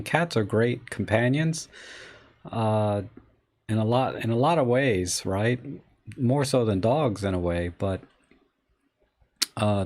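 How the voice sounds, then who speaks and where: A middle-aged man hosting a casual live photography chat, rambling and telling stories with many fillers. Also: fairly low pitch. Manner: rambling, chatty storytelling with fillers. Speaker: live stream host.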